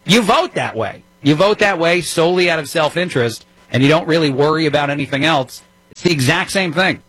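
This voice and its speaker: A man with a New Jersey accent fills in as a political talk radio host, speaking in a wry, conversational monologue full of ums and uhs. His voice sits a bit high for a man. The studio sound is dry and close. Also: lively intonation, brisk, a bit bright, slightly rough, dry recording, rough recording.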